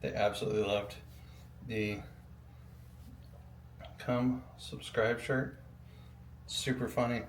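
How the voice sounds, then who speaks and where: A man's voice: lowish voice, fairly even intonation, slow pace, long pauses, slight background noise. A young adult man rambling casually while building a PC, with lots of ums and the odd swear word. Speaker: PC builder vlogger. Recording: echoey room with faint ambience.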